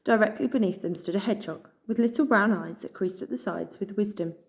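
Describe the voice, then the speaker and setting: A woman reading a children's novel aloud in a measured storytelling manner. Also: medium pitch, vocal fry. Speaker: reader.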